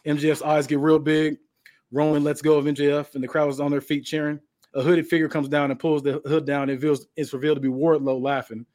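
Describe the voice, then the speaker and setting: Casual male narrator, slightly high voice, loose recap delivery. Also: little pitch movement, quick pace, a little mellow. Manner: casual, with restarts and fillers. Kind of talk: casual storytelling.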